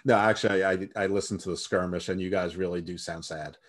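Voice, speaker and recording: A man's voice: low-pitched, fairly even intonation, fairly quick. A man guest co-hosting a casual podcast, opinionated, often repeating words as he thinks. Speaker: guest co-host.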